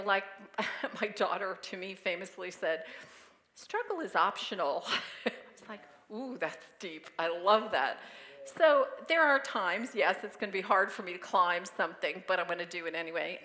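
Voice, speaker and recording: A middle-aged woman giving a Sunday message as minister, personal and tender, speaking of grief with soft laughs between thoughts. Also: mid-range voice, moderate pace. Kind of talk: sermon.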